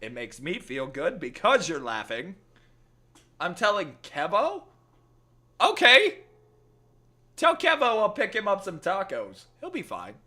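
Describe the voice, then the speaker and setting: A man's voice: sits high, wildly swooping pitch, measured pace, pauses often, sharp tone. A man streaming games, bantering with chat in a joking, teasing way and putting on a playful accent that keeps slipping. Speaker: gaming streamer. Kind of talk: casual live-stream chat.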